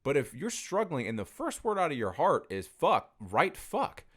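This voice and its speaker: A man's voice: a little high, normal speed. A man telling stories in a casual conversation, with frequent fillers and free swearing. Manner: animated storyteller, swears freely, many fillers.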